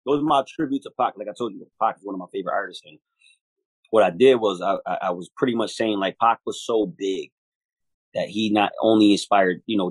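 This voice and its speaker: A lower-voiced man from Buffalo talks about his music as an interview guest. He is animated and profane, keeps saying "you know what I mean," and acts out other people's voices. The sound is dry and close. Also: dry recording, rough recording. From United States, Buffalo, New York. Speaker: hip hop artist, guest. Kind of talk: casual interview talk.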